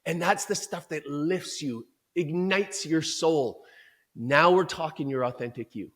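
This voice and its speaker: A man speaking as a performance coach in an interview, talking in an emphatic, energetic, motivational way. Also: a little high, a little slow.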